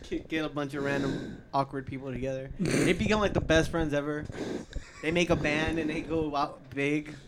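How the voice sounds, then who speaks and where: A man's voice: a little high, fairly even intonation, moderate pace, background noise. A young man telling a rambling story on a casual podcast, often laughing. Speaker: podcast co-host. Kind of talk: casual storytelling among friends.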